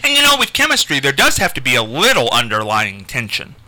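A man's voice: fairly quick, poor audio. A man hosting a radio talk show, telling a story in casual chat and jumping his voice up when quoting people. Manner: animated storyteller, jumps pitch for quotes. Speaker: radio host.

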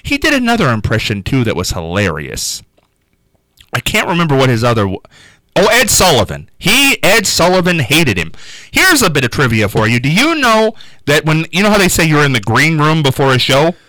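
Animated man telling a funny story. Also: fairly high pitch, normal speed, no room sound, low-quality recording. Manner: animated, laughs through his stories. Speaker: radio show host. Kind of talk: casual storytelling chat.

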